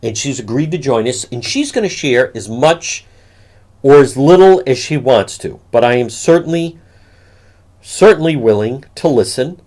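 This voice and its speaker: A man hosting a talk radio show, introducing a caller in an earnest, measured, reassuring way. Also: mid-range voice, animated, a little mellow.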